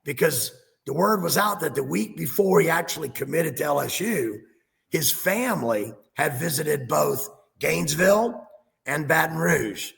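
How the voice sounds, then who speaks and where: A man's voice: fairly high pitch, lively intonation, a little slow, creaky, a bit bright. A man co-hosting casual sports talk, ranting and sarcastic, recorded with a reverberant room sound.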